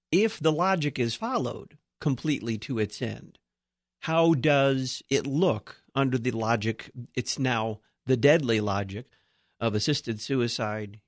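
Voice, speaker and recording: A male radio host asks measured, probing questions and leads the show into a break. His voice sits mid-range and sounds close and dry in the studio. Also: medium pitch, no room sound. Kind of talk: interview questions.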